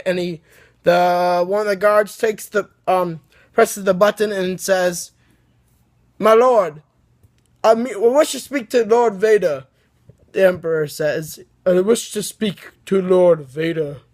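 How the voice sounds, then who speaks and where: A man hosting his own video, rambling casually through a fan story with many restarts. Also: high-pitched. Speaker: video host.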